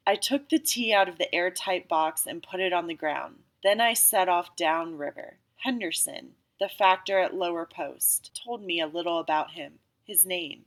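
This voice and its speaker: A woman narrates an audiobook story in a calm, steady way. Her voice sits a little low, and the reading is even and unhurried.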